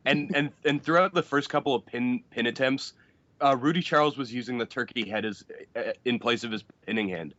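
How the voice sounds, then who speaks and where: A man's voice: mid-range voice, fairly quick, fairly bright tone, no echo. Chatty male co-host, mid voice; dry, dull podcast audio. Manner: chatty, laughs, fillers. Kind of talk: casual wrestling review chat.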